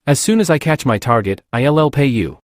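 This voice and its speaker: A man's voice: medium pitch, lively intonation, moderate pace, no echo, studio quality, close to an everyday voice. A man voicing a boastful, gluttonous young male bounty hunter with a smug, mocking manner.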